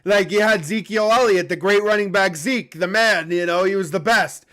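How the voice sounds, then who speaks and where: A man's voice: high-pitched, normal speed, fairly bright tone. A young man hosting a casual sports chat, profane and heated, ranting in bursts. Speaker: podcast host.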